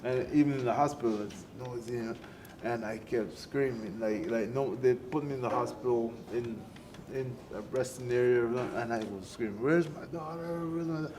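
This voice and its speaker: A middle-aged man recounting his past in a halting, soft-spoken way, repeating words as he goes. His pitch sits in a typical middle range. The on-site recording carries a clear hiss of background noise. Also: fairly even intonation. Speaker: guest, former boxer. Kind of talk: conversational interview storytelling.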